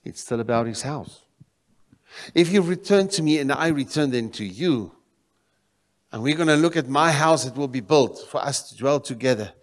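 South African pastor preaching in a reverberant hall. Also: male voice, medium pitch, expressive, normal speed. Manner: preaching with swings between loud exclamations and quiet emphasis. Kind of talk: sermon. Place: church sanctuary.

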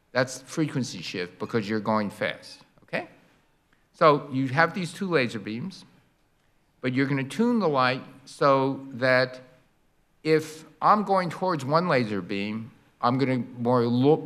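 Older man giving a lively lecture. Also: medium pitch. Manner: animated, acts out sounds and demonstrations. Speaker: guest lecturer. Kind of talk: university public lecture. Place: lecture hall.

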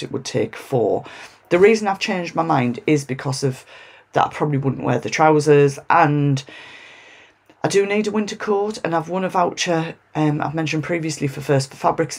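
A woman's voice: extremely low pitch, vocal fry, a little mellow, breathy edge. A British woman chatting casually to camera as a sewing vlogger, rambling along with self-mocking asides.

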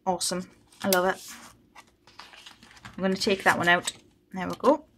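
A woman's voice: lowish voice, steady tone, normal speed, noisy background. A woman chatting casually on a budgeting vlog, thinking aloud as she counts money. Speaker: budgeting vlogger. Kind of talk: casual chat while cash stuffing.

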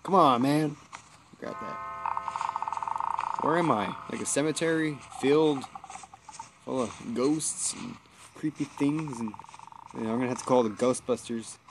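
A man giving casual let's play commentary, excitable and jumpy, swearing when startled. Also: mid-range voice, unhurried, long pauses, background noise. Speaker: gameplay commentator.

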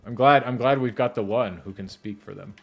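A man's voice: mid-range voice, a little fast, vocal fry, husky. Profane young man chatting over gameplay. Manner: loose, profane, laughs often, slips into exaggerated quoted voices. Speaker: YouTube host reacting to a video while gaming. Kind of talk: casual reaction chat.

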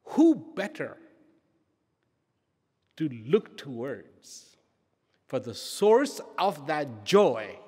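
A man giving a slow, reflective inspirational talk, repeating key phrases for emphasis and letting phrases trail off softly. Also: sing-song, husky, long reverb tail. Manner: drops to soft, trailing low phrases. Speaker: speaker.

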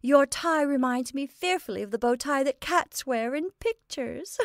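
A woman's voice: on the high side, expressive, no room sound, studio quality, voice pushed up, natural voice. A woman voicing a playful, impulsive young woman who bubbles over with laughter. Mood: giggly. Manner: bright, bubbly, quick to laugh.

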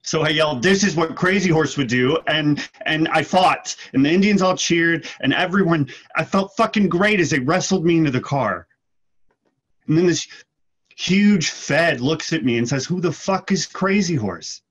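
A man's voice: a little high, expressive, moderate pace, fairly bright tone, husky. Figure: a man acting a desperate brother. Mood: fired up. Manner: raw, intense, driven monologue delivery. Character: desperate young man telling his sister of his arrest. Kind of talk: scene work in an acting class.

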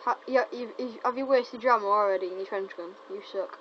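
A woman rattles off casual gameplay commentary, teasing and excitable, tripping over her own words. Her voice sits at an ordinary pitch for a woman. The recording is muffled and lo-fi, with a faint hiss underneath. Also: quick pace. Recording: dull lo-fi recording with faint noise.

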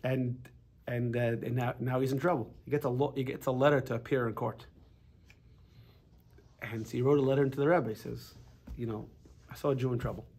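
A man teaches a casual Torah class as a rabbi and tells his stories with animation. He often breaks off and restarts his sentences. His voice is slightly husky and sits at a middle pitch. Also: a little fast, long pauses. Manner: animated storytelling with frequent restarts.

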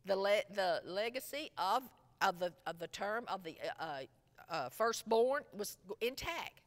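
A woman teaches a Bible lesson, retelling a story with plenty of expression. Her pitch rises and falls freely. A long reverb hangs behind her voice, as in a large room. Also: lively intonation, a little slow. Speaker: Sunday school teacher.

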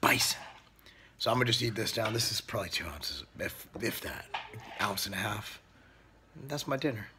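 A man's voice: fairly low pitch, lively intonation, brisk, background noise. A middle-aged man vlogging casually about his meals, blunt and joking, with some swearing. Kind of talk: casual vlog narration.

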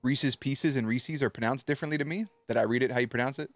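A man's voice: mid-range voice, quick pace, no room sound, faint music behind. A man streaming live, chatting loosely and swearing as he tells a story to his viewers, with many restarts.

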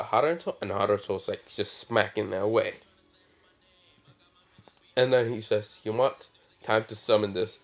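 Young guy telling a fan story real slow, lots of ums and throat clearing. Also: medium pitch. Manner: halting, many fillers and throat clearing. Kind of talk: improvised fan-fiction retelling.

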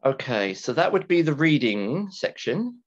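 Slow, deliberate male English teacher. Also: a little high, very animated. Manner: slow, deliberate, repeats key words and stretches them for emphasis. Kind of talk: recorded classroom grammar lecture. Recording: dull lo-fi lecture recording with keyboard typing.

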